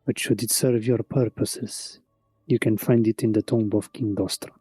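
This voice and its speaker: A man's voice: on the low side, fairly even intonation, moderate pace, mellow, slightly rough, dry recording, faint music behind. A man voicing the ghost of a fallen chieftain, speaking formally with a put-on accent. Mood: solemn. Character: ghost of a fallen male chieftain, solemn and regretful.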